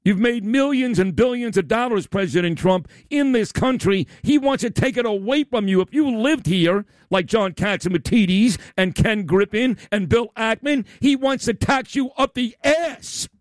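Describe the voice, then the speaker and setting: Combative male talk radio host, high and animated, loud sarcastic rant, dry studio mic. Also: moderate pace, hardly any pauses, no echo.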